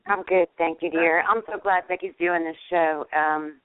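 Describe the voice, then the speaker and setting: A woman's voice: on the low side, steady tone, moderate pace, clear, resonant tone, no room sound. Heartfelt woman caller on a phone line. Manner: heartfelt, repeats words for emphasis. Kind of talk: casual call-in chat.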